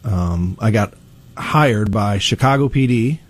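A middle-aged man from Peoria, Illinois, a police chief talking through an interview in a relaxed way, with many ums and restarts. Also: lowish voice, takes it slowly. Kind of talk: casual interview.

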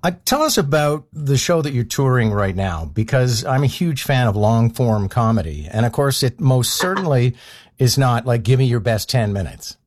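A man's voice: mid-range voice, sing-song, normal speed, no room sound. A man hosts a broadcast interview with polished introductions. His intonation moves around a lot. The sound is dry and close. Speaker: radio or TV host.

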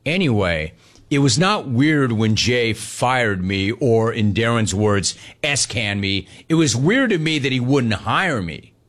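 A man hosting a casual sports talk show, reading listener messages and riffing in a playful way that jumps up in pitch for emphasis. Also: big pitch swings, takes it slowly, a bit bright.

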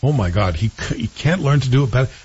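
A man's voice: mid-range voice, lively intonation, fast talker, a little mellow, slightly rough, lo-fi sound. A male host chatting casually and with strong opinions, rambling and correcting himself as he goes. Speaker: show host reviewing TV series. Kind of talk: casual chat.

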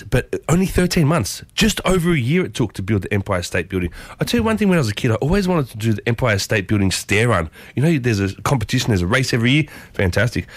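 A man's voice: mid-range voice, no echo. Upbeat Australian radio host, man. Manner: upbeat, chatty, addresses listeners as folks. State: coughing. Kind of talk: morning radio show chat. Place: radio studio.

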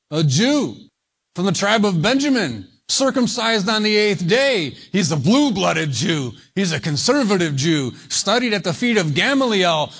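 A man preaching a verse-by-verse Bible sermon, slow and deliberate, leaning hard on single words. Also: fairly high pitch, fairly bright tone. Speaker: pastor.

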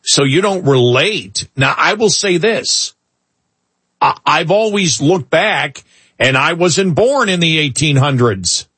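A man's voice: fairly high pitch, expressive, slow pace, fairly bright tone, breathy edge, no echo. A middle-aged man co-hosting a talk radio show, chatting casually with many restarts and an exasperated edge.

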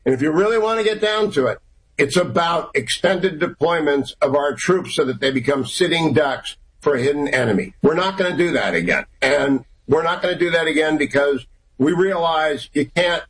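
Middle-aged man, emphatic and opinionated, somewhat high voice, talk radio guest. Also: a bit bright, rough recording. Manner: emphatic, rapid-fire opinionated delivery. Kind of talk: political talk radio discussion.

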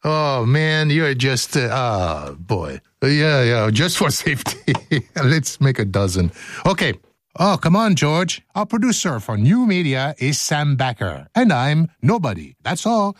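Brief: male radio host, playful and joking, animated delivery, dry studio sound. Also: mid-range voice, a little slow, no room sound. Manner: playful, joking, laughing at his own slips. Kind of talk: studio outtakes, reading script with ad-libs.

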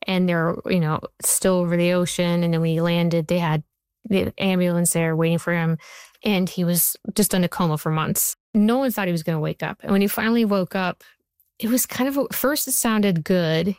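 Smooth, low-voiced woman telling stories. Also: normal speed, no room sound, clean studio sound. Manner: animated storyteller, chatty with fillers. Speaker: TV writer and showrunner guest. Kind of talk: conversational interview.

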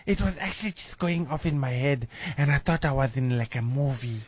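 A man's voice: medium pitch, brisk, slightly rough, no echo, natural voice. A man voicing a gossipy middle-aged female agony aunt, giggly and theatrical, in a radio comedy sketch. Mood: gushing. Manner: dramatic, giggly, swooping theatrical delivery.

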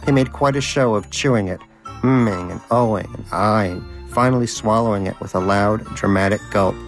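Low-voiced man reading a story. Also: moderate pace, over music. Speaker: narrator. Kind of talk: storybook narration.

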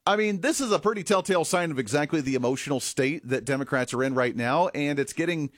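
A man's voice: on the high side, fast talker, a bit bright, no room sound, studio quality. Sarcastic male talk-show host. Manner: sarcastic, chuckling asides. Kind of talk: opinionated political commentary.

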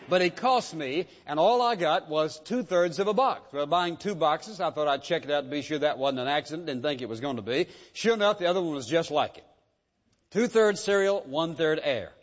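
A male pastor delivers his sermon in an emphatic, repetitive preaching cadence, his voice sitting a little higher than most men's. The recording is dull and muffled, and a long reverb trails each phrase as it fills a large church hall.

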